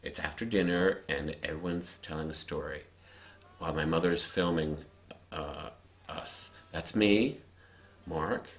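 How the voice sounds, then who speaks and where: A middle-aged man with a very low voice talks casually over old family footage. He speaks in a relaxed, chatty way, restarting sentences as he goes. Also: measured pace. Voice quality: conversational, with restarts and laughs. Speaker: narrator of family film. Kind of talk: casual commentary over home video.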